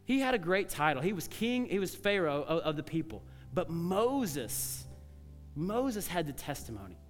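A man's voice: a little high, big pitch swings, normal speed, soft background music. Man preaching in a reverberant church. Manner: conversational storytelling, drops to soft earnest tones. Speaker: pastor. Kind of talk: sermon. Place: church sanctuary.

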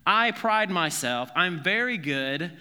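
A man's voice: high-pitched, animated, slow pace, bright, forceful tone, clean tone, long reverb tail. A man from South Carolina preaching a conversational sermon, earnest and informal, often restarting his sentences. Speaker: pastor.

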